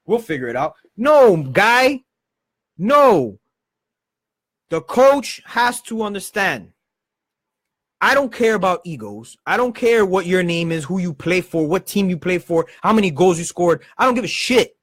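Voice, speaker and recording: A man with a high voice rants on a live football stream. He is heated and swears often, talking in fast bursts. The sound is close and dry, with little room. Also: very animated, a bit bright, no echo. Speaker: football channel host. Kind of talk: passionate live-stream rant.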